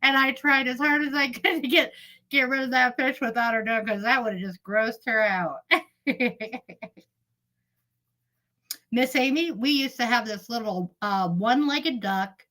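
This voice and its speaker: A woman's voice: on the high side, unhurried, sharp tone, low-quality recording. A middle-aged woman, live streaming in casual chat, telling family stories with frequent laughs and greeting viewers. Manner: chatty storyteller, laughs often, greets viewers.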